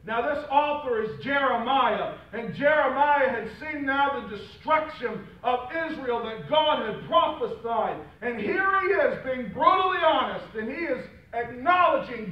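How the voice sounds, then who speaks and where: A male pastor preaching a sermon, rising from slow, quiet reading to shouted exhortation. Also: very high-pitched, lively intonation. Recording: roomy echo, far from the mic, dull lo-fi sound.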